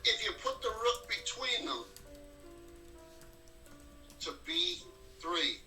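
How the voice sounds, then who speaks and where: A man's voice: very high voice, wildly swooping pitch, takes it slowly, pushed and bright, soft background music. A man answering questions as a chess student, hesitant and brief, heard with room echo from a distance. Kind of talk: answering in a lesson.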